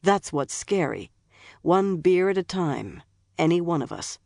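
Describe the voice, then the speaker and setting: A woman's voice: on the low side, animated, a little slow, creaky, darkish tone, dry recording, studio quality. An audiobook narrator voicing a tough, profane female police deputy with a blunt, sarcastic manner. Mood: sober. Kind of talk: audiobook character voice.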